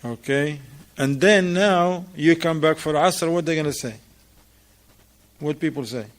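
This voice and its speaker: Slow, deliberate man teaching a mosque class. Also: a little high. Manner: conversational, asks the students questions and repeats their answers. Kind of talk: informal religious class with students.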